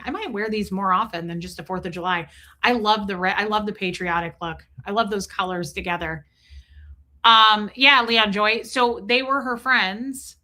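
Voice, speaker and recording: A middle-aged Midwestern woman from Nebraska, raised in the Kansas City area, hosts a livestream and reads viewer comments aloud while chatting casually. Her voice is mid-range, pushed and bright.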